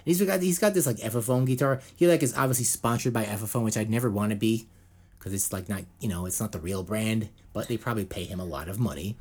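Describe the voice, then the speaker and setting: A man's voice: on the low side, quick pace, darkish tone, breathy edge. A man co-hosting a podcast in casual chat, rambling with lots of fillers and restarts. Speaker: podcast co-host.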